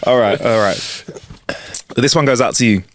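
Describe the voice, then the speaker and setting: A man's voice: mid-range voice, moderate pace, no echo. A young man co-hosting a podcast, bantering, telling jokes and laughing readily. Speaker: podcast co-host. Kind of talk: casual chat and joke telling.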